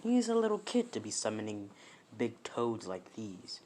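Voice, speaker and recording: A relaxed older ninja mentor guiding a gifted student. A man voices him in a loose retelling, keeping his own easygoing tone. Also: on the low side, normal speed. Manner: casual, offhand retelling. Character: older male ninja mentor, laid-back.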